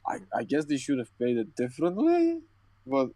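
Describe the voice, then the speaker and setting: A man's voice: mid-range voice, wildly swooping pitch, normal speed, mellow, no room sound. A tired young man co-hosting a podcast, ranting and swearing with stumbling restarts. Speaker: podcast co-host. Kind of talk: casual chat.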